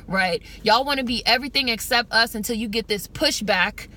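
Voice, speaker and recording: Bright-voiced woman ranting in a car. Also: fairly high pitch. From United States. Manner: emphatic, profane, fast-talking. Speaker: vlogger. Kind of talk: car vlog rant.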